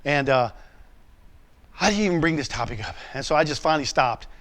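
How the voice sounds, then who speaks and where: A man's voice: a little high, lively intonation, brisk, fairly bright tone. A man preaching a sermon, telling a personal story in a candid, conversational way. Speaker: pastor.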